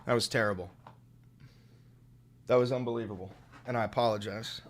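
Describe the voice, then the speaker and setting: A man's voice: fairly low pitch, steady tone, brisk. A young man hosting a livestream, ranting with heated, profane political commentary. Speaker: livestream host. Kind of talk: live-streamed political commentary.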